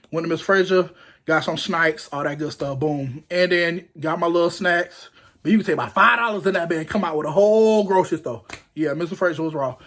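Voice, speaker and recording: A young man casually telling a story to the camera, animated and acting out what people said, laughing often. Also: on the high side. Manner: animated, acts out quotes in raised voices, laughs often.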